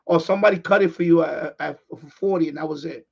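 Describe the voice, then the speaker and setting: On a ham radio live stream, the host fiddles with his equipment during a casual demo, rambling and starting his sentences over. He talks fast in a fairly high voice that is creaky, darkish, and slightly rough. Sound quality is dull and lo-fi.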